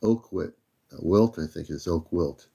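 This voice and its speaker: Deep-voiced older man greeting viewers. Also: unhurried, vocal fry, husky. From United States. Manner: relaxed, greets viewers by name. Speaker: livestream host. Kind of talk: casual livestream greetings.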